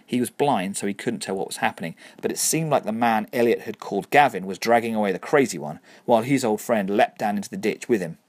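A man narrating a story in a dry, wry, measured way. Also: on the low side, no room sound. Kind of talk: scripted narration.

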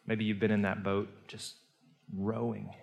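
A male pastor preaching a sermon, telling the story earnestly and moving between hushed and emphatic delivery. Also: fairly low pitch, level tone, a little slow, creaky. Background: soft guitar music.

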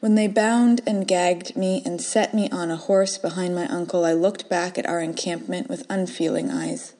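A woman reading her own first-person short story aloud, soft and measured, dropping to whispers in quiet moments. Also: fairly low pitch, fairly even intonation.

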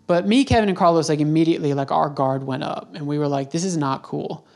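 A man from the United States who hosts a podcast tells a travel story in an easygoing, conversational way. His voice is on the high side and gravelly, and he talks fast, rambling, backing up and correcting himself as he goes.

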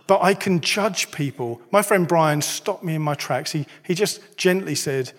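Pastor preaching in a reverberant hall. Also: male voice, on the high side, moderate pace, few pauses, fairly bright tone, husky. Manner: conversational, self-deprecating preaching with rhetorical questions. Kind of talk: sermon. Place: church hall.

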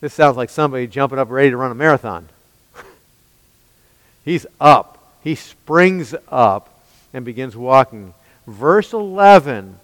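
A man's voice: medium pitch, animated, normal speed, dry recording, in a large hall, rough recording. A man preaching an expository sermon, emphatic and pressing his listeners with rhetorical questions. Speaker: pastor.

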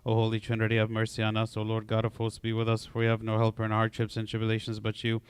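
A man leading a liturgical prayer service, reading psalms and prayers in a steady recitation. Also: on the low side, fast talker, clean tone. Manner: steady recitation in a flat monotone. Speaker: prayer leader.

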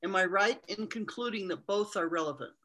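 Bright moderator relaying questions. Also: medium pitch, lively intonation, brisk. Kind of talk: asking questions.

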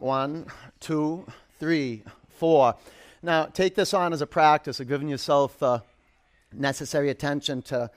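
A man leading a live yoga class, calling out counts and motivating cues, with casual storytelling asides. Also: fairly high pitch. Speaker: yoga instructor.

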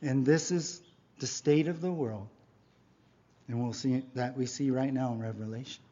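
A man preaching a sermon in church, emphatic, often asking his congregation "right?", swinging between loud exhortation and quiet asides. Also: mid-range voice, normal speed. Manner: emphatic preaching, frequent rhetorical "right?" and "yeah?". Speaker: pastor. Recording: dull lo-fi recording.

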